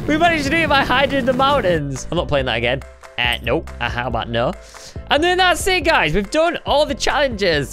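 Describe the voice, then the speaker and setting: A woman casually commentating while she plays a flying game, excitable and playful, talking to herself and her viewers. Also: lowish voice, moderate pace. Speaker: gaming YouTuber. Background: game music.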